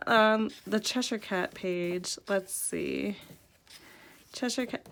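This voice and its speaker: A young adult woman hosting a casual show-and-tell video, excitable and giggly, her voice jumping up high when she's thrilled. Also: moderate pace. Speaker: host.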